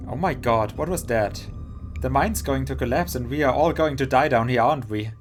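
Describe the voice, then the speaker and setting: A man's voice: mid-range voice, unhurried, faint music behind, lightly acted. A man voicing a nervous, superstitious young woman who frets anxiously, reading a game's lines aloud. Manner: anxious, fretful.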